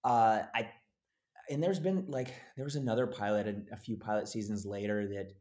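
A man with a fairly low voice tells a story in a relaxed interview. He is animated and jumps into the voices of the people in his story. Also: moderate pace. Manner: animated, acts out quoted voices. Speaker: actor guest.

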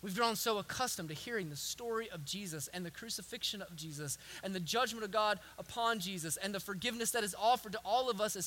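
Emphatic young male pastor, bright tenor. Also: high voice, fast, few pauses. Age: young adult. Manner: swings from hushed to loud, emphatic preaching; repeats phrases with restarts. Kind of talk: sermon.

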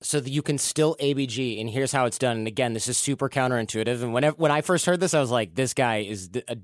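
A man's voice: mid-range voice, quick pace, no room sound. Male host, storytelling delivery, dry close-mic sound. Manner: storytelling, acts out quoted dialogue. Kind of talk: casual conversational advice.

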